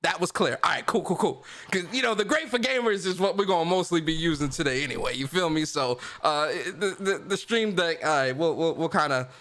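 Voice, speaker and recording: Male livestream host, casual and slangy, often laughing, slightly high voice. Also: fairly quick, hardly any pauses, a bit bright.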